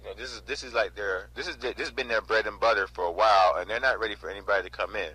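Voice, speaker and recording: A man in his twenties from North Carolina casually recounting a storage auction in an animated way, often adding "right?" and "you know?". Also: on the low side, racing, slightly rough, poor audio. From North Carolina, USA. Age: 20s. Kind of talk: casual storytelling vlog.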